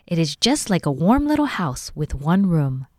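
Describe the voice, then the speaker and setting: A gentle, soft-spoken little girl , as a woman reads her lines, full of quiet delight. It is a dry, close storybook reading in a lowish woman's voice. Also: sing-song, normal speed, no echo. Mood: admiring.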